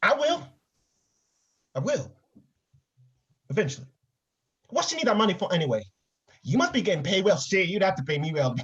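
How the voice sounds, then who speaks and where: A man's voice: sits high, sing-song, moderate pace, pauses often. A man reading the part of a crude, teasing homeless older man in a play reading over a video call. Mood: bickering. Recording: dull lo-fi video call audio.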